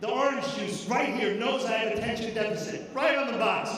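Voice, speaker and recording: Profane high-voiced man ranting in a theater. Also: fairly quick, fairly bright tone. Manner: profane, mock-outraged ranting. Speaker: stand-up comedian. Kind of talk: stand-up comedy set. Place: large theater stage. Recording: echoey theater hall from far off with audience noise.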